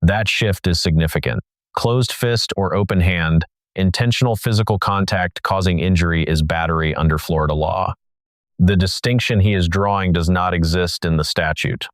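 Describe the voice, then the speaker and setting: A man narrates a scripted documentary in a deep, measured voice. The recording is dry and close, with no room around it. He explains things step by step. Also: steady tone, dry recording.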